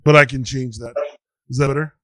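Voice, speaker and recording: A man's voice: medium pitch, fairly even intonation, fairly quick, fairly bright tone, dry recording, low-quality recording. A man hosting a casual online chat show, rambling and chuckling as he talks. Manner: laid-back, chuckling, rambling. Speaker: podcast host.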